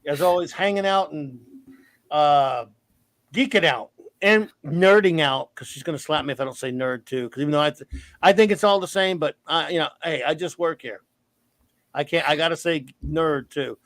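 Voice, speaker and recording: A man with a high voice hosts a casual live talk show. He rambles playfully and pokes fun at himself. The sound is dry and close, with no room around him. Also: normal speed, fairly bright tone, no echo. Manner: rambling, playful, self-mocking. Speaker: livestream show host. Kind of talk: casual chat.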